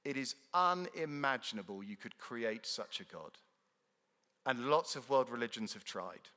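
Earnest preacher in a ringing hall. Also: male voice, medium pitch, lively intonation, a little slow. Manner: earnest, emphatic, swings from loud to hushed. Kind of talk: sermon. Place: church. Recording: long reverb of a large hall.

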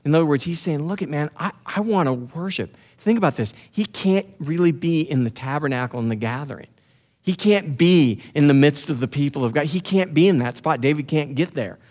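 Casting: male preacher, slightly high voice, laid-back slang between loud acted-out scripture lines. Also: fairly quick. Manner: casual slangy asides, acts out quotes loudly. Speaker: pastor teaching a Bible passage. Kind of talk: expository sermon, reading scripture and commenting.

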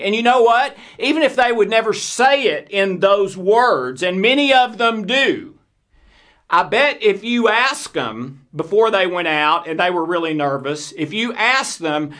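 A man's voice: sits high, animated, a little slow, fairly bright tone. A man giving an earnest faith-based teaching talk, posing rhetorical questions to his listeners. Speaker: Christian teacher.

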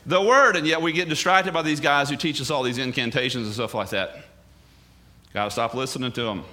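Animated man preaching, bright voice. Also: medium pitch, brisk. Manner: animated, swings loud and soft, casual asides. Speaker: bible teacher. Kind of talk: sermon.

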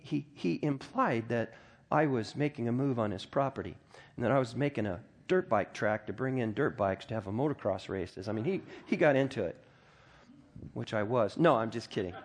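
A middle-aged male pastor delivering a sermon with an earnest, emphatic push. His voice is gravelly with a husky edge, sitting at an ordinary pitch. He often restarts and stumbles over words as he preaches. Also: expressive, normal speed.

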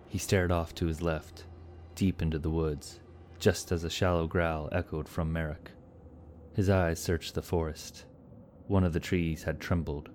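A man giving steady, scripted narration of a fantasy adventure story. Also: deep voice, slight background noise.

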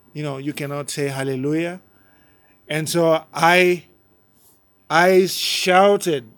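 A man's voice: fairly high pitch, a bit bright. A man from Uganda, a pastor giving his personal testimony in an interview, speaking earnestly and often repeating or restarting his words.

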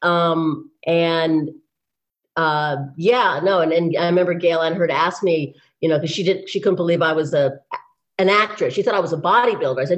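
A woman actor as a guest in a casual interview, talking in a chatty, lively way with many restarts and laughs. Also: lowish voice, normal speed.

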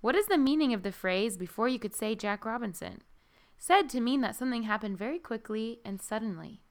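A woman's voice: a little high, lively intonation, fairly quick. A woman co-hosting a casual book podcast, chatty and giggly with lots of fillers. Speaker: podcast co-host. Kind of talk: casual book discussion chat.

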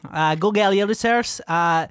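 A man co-hosting a podcast, firing off quick banter and crude jokes in casual chat. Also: high-pitched, fairly bright tone, smooth, no room sound, clean studio sound. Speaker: podcast co-host.

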